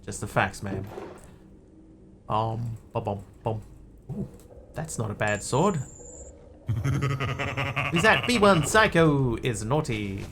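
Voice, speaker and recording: A man's voice: medium pitch, big pitch swings, takes it slowly, long pauses, background noise. A man streaming a game, chatting playfully with viewers and cracking jokes as he plays. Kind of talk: casual gameplay commentary.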